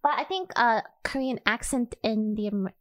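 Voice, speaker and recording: Animated young American woman, fairly high. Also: normal speed. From United States. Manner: animated, swears, laughs often. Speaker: voice actor, podcast co-host. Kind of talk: casual chat.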